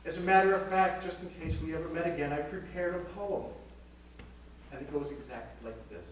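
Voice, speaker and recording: A man performing a bawdy aging woman in a live vaudeville comedy monologue, teasing the audience between punchlines. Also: on the high side. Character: bawdy aging woman telling racy stories. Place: small theater stage. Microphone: far camera in the house. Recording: echoey hall from far off, noisy. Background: audience laughter.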